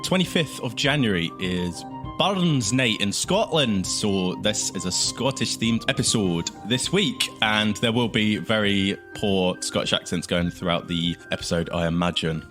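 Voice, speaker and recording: A man's voice: fairly low pitch, measured pace, over music. A man hosting a casual comedy podcast, jokey and laughing easily. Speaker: podcast host.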